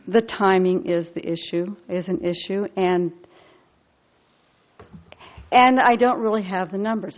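A woman speaking hesitantly at a public meeting, with halting restarts and questions. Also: lowish voice. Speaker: board member at a city meeting. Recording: dull lo-fi meeting recording.

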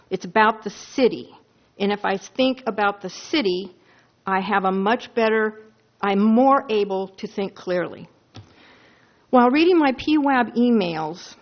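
A woman in her sixties speaking earnestly and emphatically as a board member at a public meeting, asking rhetorical questions. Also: mid-range voice. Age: 60s. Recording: dull lo-fi meeting recording.

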